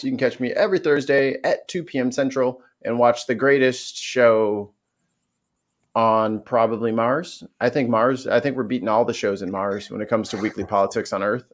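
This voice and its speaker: A man in a mid register rambles quickly and jokingly while plugging his shows. He talks over a video call in a casual livestream chat. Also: medium pitch. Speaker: show producer.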